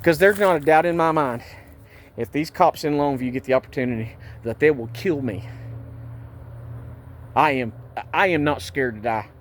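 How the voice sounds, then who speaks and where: Guy venting outside about a traffic stop, keeps repeating himself, kinda high-pitched. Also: normal speed, pauses often. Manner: agitated, indignant, repeats himself. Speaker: vlogger recounting a police stop. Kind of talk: angry personal vlog.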